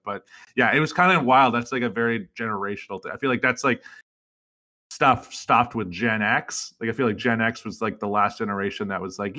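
A young man talks loosely on a podcast, with a bright, forward tone. He gets animated and leaps up in pitch whenever he mimics someone. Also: fast talker. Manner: animated, jumps high in pitch when mimicking people. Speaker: podcast co-host. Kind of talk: casual chat.

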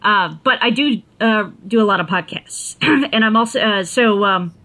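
Bright, forceful-voiced female podcast guest, lively and giggly. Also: mid-range voice, moderate pace. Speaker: podcast guest, freelance writer. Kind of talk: casual podcast chat.

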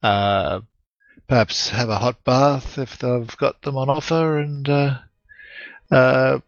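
A man's voice: mid-range voice, fairly even intonation, slow pace, vocal fry, no echo, muffled recording. A man playing a tabletop role-playing game, speaking in a mild, hesitant, courteous manner. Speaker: player.

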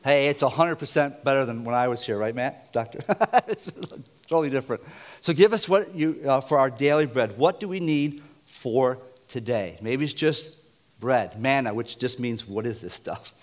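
A man's voice: mid-range voice, moderate pace. American man giving a joking sermon. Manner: conversational and joking, with asides to the audience. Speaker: preacher. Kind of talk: informal sermon.

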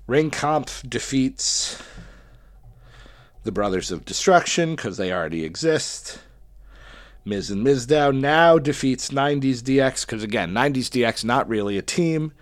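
A man with a medium-pitched, expressive voice speaks unhurriedly, with no echo. Hosting a wrestling podcast, he chats casually through his solo commentary, reasoning aloud about who'll win the tournament.

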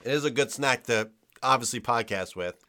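A man's voice: mid-range voice, moderate pace, bright, forceful tone. A man co-hosting a podcast, rambling and swearing in casual banter and laughing easily. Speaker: podcast co-host.

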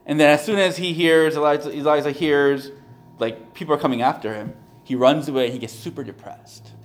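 A man, a pastor, preaching a conversational sermon, animated and repeating phrases for emphasis. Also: on the high side, fairly quick.

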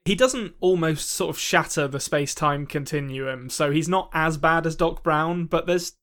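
A man's voice: fairly high pitch, moderate pace, a bit bright. A man in his thirties co-hosting a movie podcast, chatting animatedly and laughing as he talks. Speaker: podcast co-host. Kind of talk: casual chat.

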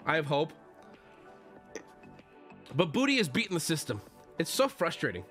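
A male streamer in his thirties rants to his chat into a desk mic at home. His voice sits fairly high and swings wildly in pitch, from loud exasperated bursts to mocking whiny imitations. Faint music plays behind him. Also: wildly swooping pitch, moderate pace.

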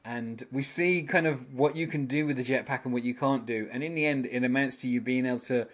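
A man's voice: medium pitch, fairly quick. A man hosting a casual podcast, rambling through an episode recap with many fillers and frequent chuckles. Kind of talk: casual chat.

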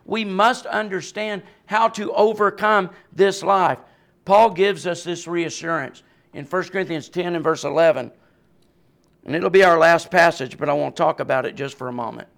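A man's voice: sits high, moderate pace, vocal fry, a bit bright. A male pastor preaching a sermon with passion and emphasis, often adding a questioning "right?" and laughing lightly between points.

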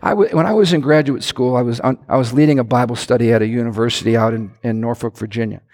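A middle-aged man, a pastor, preaching a sermon with animated storytelling and frequent questions to his congregation. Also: quick pace. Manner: animated storytelling with lively pitch swings and direct questions to the congregation.

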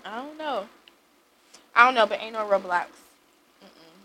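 A woman in casual chat who jumps in with quick, joking comments and agreement. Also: a little high, lively intonation, pushed and bright, poor audio.

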